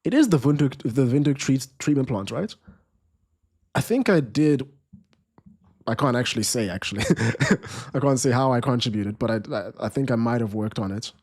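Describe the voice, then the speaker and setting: A man's voice: medium pitch, moderate pace, breathy edge. Laid-back man hosting a football watchalong. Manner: relaxed, rambling, restarts sentences. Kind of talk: casual live match commentary, reading chat.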